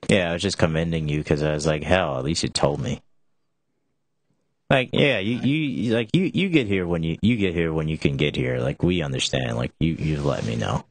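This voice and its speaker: A man's voice: extremely low pitch, lively intonation, fairly quick, few pauses. A young man hosting a casual talk show, rambling with many restarts and filler words. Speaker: show host.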